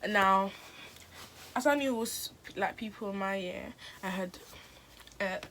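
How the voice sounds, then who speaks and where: A woman's voice: mid-range voice, a little slow, fairly bright tone, a little hiss or hum. A teenage girl, telling a story to camera in a rambling, chatty way. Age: teens. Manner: rambling and chatty, full of "like" and restarts. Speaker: vlogger. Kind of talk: casual storytime chat.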